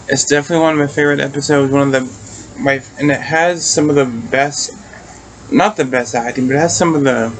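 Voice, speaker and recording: A man's voice: mid-range voice, slight background noise, poor audio. A man casually recapping and reviewing a TV episode. He rambles, restarts often and swears casually.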